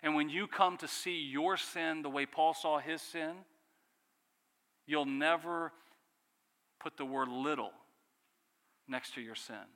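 A man with a bright, forceful voice preaches a sermon. He presses the listeners with rhetorical questions and lets key phrases fall quiet. A long reverb hangs behind him, as in a large hall. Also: on the high side, slow, long pauses. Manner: earnest preaching with rhetorical questions and dramatic drops in volume. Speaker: pastor.

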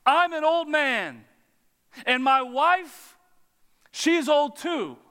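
A preacher voicing an indignant old man who protests about his age in a high, strained voice. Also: animated, extremely slow, pushed and bright, heavily acted. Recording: long echo of a large hall.

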